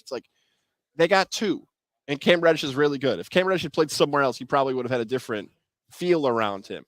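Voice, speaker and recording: A man co-hosting a sports radio show, giving animated, opinionated takes in casual talk. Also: medium pitch, no echo. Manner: opinionated, animated, quick to laugh.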